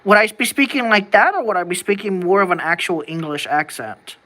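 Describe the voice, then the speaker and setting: Brisk and lively in intonation, an American vlogger muses to the camera in a wandering way, their bright, sharp-edged mid-range voice breaking off and restarting as questions mount. The occasional curse gets thrown in.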